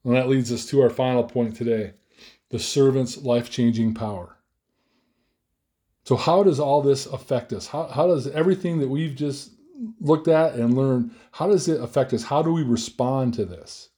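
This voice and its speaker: A man's voice: mid-range voice, normal speed, mellow. A man preaching a sermon as pastor, earnest and emphatic, often repeating himself for stress.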